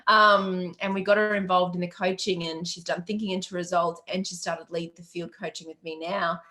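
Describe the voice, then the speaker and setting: A woman's voice: on the low side, fairly even intonation, moderate pace, pushed and bright. A middle-aged Australian woman, a business coach, chatting on a live Q&A stream, upbeat and chatty, greeting viewers by name and laughing often. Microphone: webcam or laptop mic on a video call.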